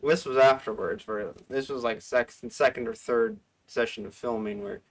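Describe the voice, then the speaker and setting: A man's voice: mid-range voice, steady tone, normal speed. Rambling man hosting a livestream. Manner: rambling, self-correcting, laughs often. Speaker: livestream host. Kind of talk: casual livestream chat.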